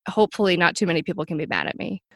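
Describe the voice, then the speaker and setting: A woman's voice: fairly low pitch, expressive, very fast, fairly bright tone, no echo, studio quality. Earnest young woman, polite and chatty. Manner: polite, earnest, filler-heavy. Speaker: podcast guest. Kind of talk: casual interview chat.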